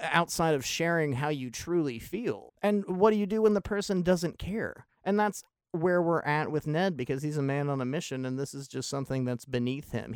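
A man's voice: medium pitch, clear, resonant tone, no echo, studio quality. A man giving an intense, analytical and sometimes profane monologue about a film, in video-essay style. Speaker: film commentator.

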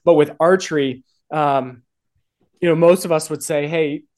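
A man's voice: on the high side, moderate pace, darkish tone. Earnest man explaining training load. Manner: explanatory, earnest, repeats words while thinking. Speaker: guest archery strength coach. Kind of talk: podcast conversation.

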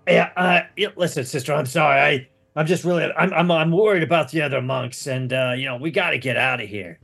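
A bandaged young monk, fed up with his order and ready to bolt, snaps and swears in an agitated, raised voice, put on by a man running a tabletop game. His tone climbs well above the man's everyday pitch. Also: brisk, creaky, a bit bright. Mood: apologetic. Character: young injured male monk, fed up and foul-mouthed.

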